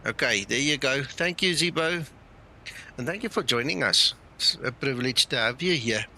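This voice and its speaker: A man hosting a flight simulator live stream, chatting loosely and talking himself through each step. His voice has a gravelly edge and a very bright, forceful tone. A faint hiss of noise sits under the talk. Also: mid-range voice, animated, normal speed, poor audio. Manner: chatty, thinks aloud while flying. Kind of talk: casual live-stream chat.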